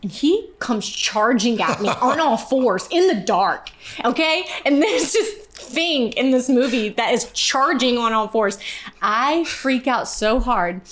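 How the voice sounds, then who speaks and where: Young actress, guest on a talk show; lively, self-deprecating storyteller who drops her voice low for the big moments. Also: a little hiss or hum. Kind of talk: animated storytelling in casual chat.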